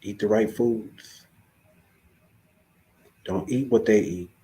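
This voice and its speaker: A man's voice: fairly low pitch, takes it slowly, dark tone. A man hosting a podcast, exhorting his listeners in a preachy tone and driving every point home with repeated phrases. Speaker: podcast host. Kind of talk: casual preachy podcast talk.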